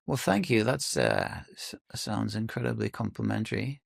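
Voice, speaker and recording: A man's voice: fairly low pitch, huge pitch swings, moderate pace, gravelly, no echo, clean studio sound. A middle-aged man from the UK, a podcast guest talking thoughtfully and hesitantly, with many fillers and restarts. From United Kingdom. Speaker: podcast guest, company founder. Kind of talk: casual interview conversation.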